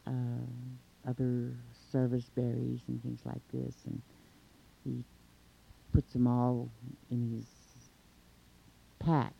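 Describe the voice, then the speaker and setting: A man telling a traditional folk tale in an unhurried way, linking events with 'and' and pausing on fillers. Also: medium pitch, completely flat delivery, gravelly, slightly rough. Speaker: storyteller. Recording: dull lo-fi recording.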